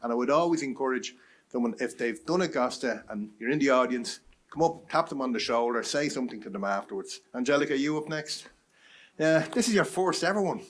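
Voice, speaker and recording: A man's voice: medium pitch, animated, fairly quick. A man chairing a live conference session, bantering with the speakers and audience in a jokey way. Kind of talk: live event hosting. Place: conference room.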